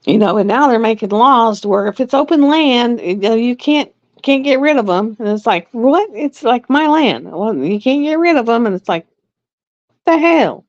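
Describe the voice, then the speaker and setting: A middle-aged woman hosting a live stream in casual chat, blunt and repetitive, often quoting herself in an even higher voice. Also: brisk. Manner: chatty, blunt, drawling, repeats herself. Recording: dry, dull lo-fi sound.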